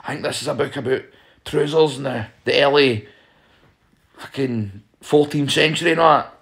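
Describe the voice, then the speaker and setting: A man's voice: mid-range voice, normal speed, vocal fry, a bit bright. A man playing a helpful old librarian woman.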